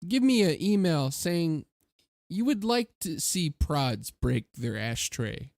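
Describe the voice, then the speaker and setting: A young man talking in relaxed podcast chat with a somewhat high voice for a man. His sound is dry and close, with no room around it, and he keeps drifting into goofy jokes. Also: slow, gravelly, no room sound. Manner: joking, drifts into silly impressions. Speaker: podcast co-host.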